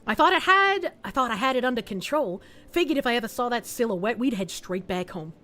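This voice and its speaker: A woman voicing a worried neighbor, an anxious parent, speaking in a low, confiding way. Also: expressive, brisk, pushed and bright, slight background noise. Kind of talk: game character voicing.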